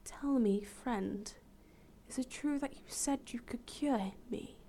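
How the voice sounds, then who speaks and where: A woman's voice: fairly high pitch, slow, mellow. A woman whispering as a sick fish king. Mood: weak. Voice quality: weak whispery voice. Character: ailing old fish king, weak and commanding. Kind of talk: storybook reading.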